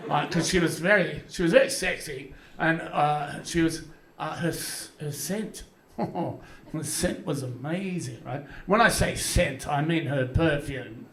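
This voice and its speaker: A man's voice: a little high, measured pace, a bit bright. A man in his fifties with an Australian accent doing live stand-up, rambling, crude and self-mocking, with lots of fillers and restarts. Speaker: stand-up comedian. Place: comedy club stage, audience laughing.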